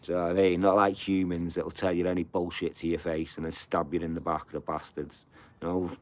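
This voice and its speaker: A man's voice: low-pitched, little pitch movement, a little fast. A middle-aged man, rambling and swearing through a casual live chat with his viewers from home, padding every line with "you know". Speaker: live streamer.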